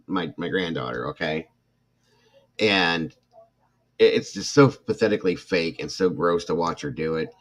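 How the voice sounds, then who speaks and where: A man's voice: low voice, fairly bright tone. An older man hosting a livestream, telling a family story in a rambling, heated way with many restarts. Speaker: host.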